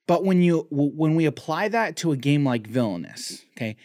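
A man's voice: on the high side, expressive, normal speed, darkish tone, no echo, studio quality. Rambling man co-hosting a podcast. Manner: rambling, many restarts and fillers. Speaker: podcast co-host. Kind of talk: casual podcast chat.

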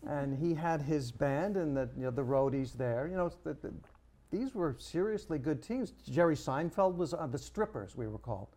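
Older long island guy, dry jokey storyteller, kinda higher voice. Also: lively intonation, moderate pace, warm tone. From Long Island, New York. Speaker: co-host. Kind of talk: casual reminiscing chat.

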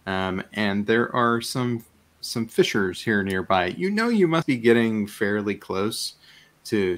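A man's voice: on the low side, fairly bright tone. A man narrating a tabletop fantasy game as game master, in a meandering way with many fillers and restarts.

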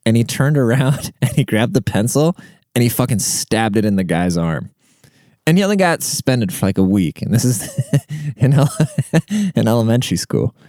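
A man's voice: medium pitch, very animated, moderate pace, dark tone, no room sound, studio quality. A young man who grew up in Germany, casually telling a rambling, profane childhood story and laughing often. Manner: rambling, profane, laughs through his stories.

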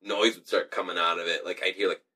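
A man's voice: low-pitched, fast, husky, distant mic. A young man in casual profane banter, laughing often and telling stories with lots of swearing. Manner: laughing, swearing, animated storytelling.

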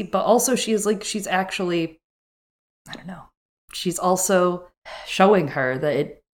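Woman co-host with a low voice, earnest talk with joking asides. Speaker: podcast co-host. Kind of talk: casual chat.

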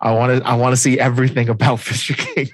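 Husky-voiced male podcast co-host, excitable storyteller, dry close mic. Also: medium pitch, fast talker, no echo. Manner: laughs often, acts out characters' lines while recapping. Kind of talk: casual comic book chat.

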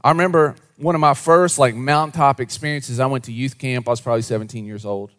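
A man preaching a sermon to a congregation, moving between hushed, low asides and animated, raised storytelling. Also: fast. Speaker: pastor.

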